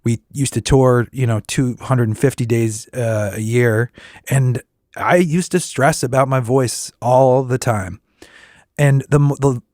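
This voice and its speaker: Casually reflecting on his own podcast, a middle-aged working musician rambles through vocal warm-ups with a tired voice, frequently restarting his sentences. His voice is mid-range, and the recording is dry, clean studio sound.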